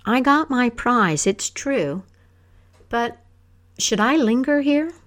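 A woman voicing a calm, wise king in a told folk tale, speaking measured and kindly. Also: on the high side, voice pushed up. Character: calm wise king, middle-aged man.

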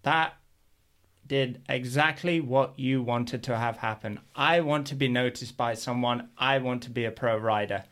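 A middle-aged man from England, a guest telling stories in a casual, animated way and acting out what people said. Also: mid-range voice, measured pace. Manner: animated, acts out quotes in his stories. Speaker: guest, pro BMX rider. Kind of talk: casual storytelling.

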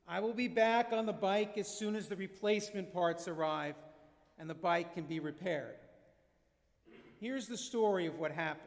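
Rabbi, fifties, high-pitched man, earnest storyteller at the pulpit, big echoing hall. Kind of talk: sermon. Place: synagogue sanctuary. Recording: long reverb of a large hall.

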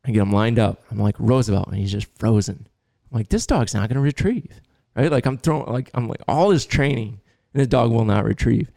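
A man with a low, gravelly voice spins a lively hunting story on a podcast. His tone is dark and mellow, and the sound is close and dry. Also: a little fast, no echo. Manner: storytelling, animated, laughs often. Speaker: podcast host and dog trainer. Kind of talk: casual podcast chat.

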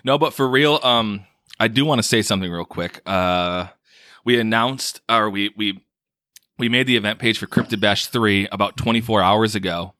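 A man's voice: on the low side, moderate pace, bright, forceful tone, no echo, studio quality. A man hosting a podcast in casual chat, laughing often and joking around. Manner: laughs a lot, loose and joking. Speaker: podcast host.

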